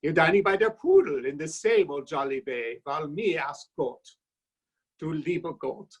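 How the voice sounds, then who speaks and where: A man's voice: on the high side, normal speed, breathy edge, rough recording. A man reciting a rhymed comic toast in a put-on German accent, voicing a jolly, homesick exile in a hearty, sing-song way. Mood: boisterous.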